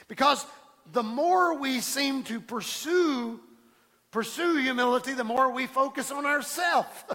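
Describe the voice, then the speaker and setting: High-voiced preacher man, echoing hall. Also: measured pace. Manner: animated, repeats words and restarts, acts out quoted voices. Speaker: pastor. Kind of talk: sermon. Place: church sanctuary.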